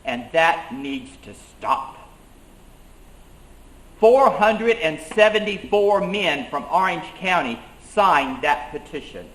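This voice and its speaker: An earnest, indignant colonial rebel leader, once an 18th-century schoolmaster, is voiced by a male living-history reenactor in a first-person monologue. His voice sits on the high side, animated yet slow and fairly bright, and his emphatic storytelling swells on the grievances. The recording has a roomy echo.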